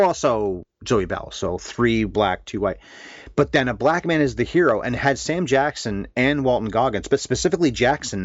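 A man co-hosting a casual film discussion, animated and blunt, with some swearing. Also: mid-range voice, no room sound, highs cut off. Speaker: film podcast co-host.

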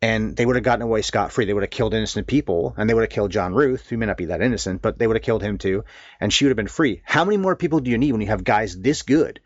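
A man breaking down a movie in casual podcast chat. His voice sits low, and he talks with animated, blunt energy. The sound is dry and a little dull. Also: very fast, no echo. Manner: animated, swearing, restarts. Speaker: film podcast co-host. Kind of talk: casual film discussion.

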